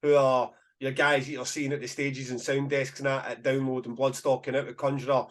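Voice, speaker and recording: A man's voice: mid-range voice, fairly quick. A Scottish man, a festival promoter, telling stories in a casual podcast chat with bursts of laughter. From Scotland. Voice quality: animated storyteller, bursts of laughter.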